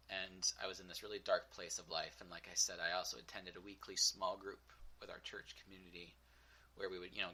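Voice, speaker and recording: A man's voice: sits low, sharp tone, rough recording. A young man hosting a podcast, telling a personal story in a candid, reflective way with many fillers. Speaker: podcast host.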